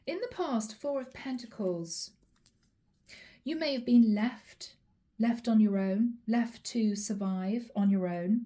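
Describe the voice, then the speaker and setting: A woman giving an emphatic tarot reading to her viewers, repeating key phrases and voicing the listener's thoughts in quick asides. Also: a little high, mellow. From Europe. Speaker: tarot reader.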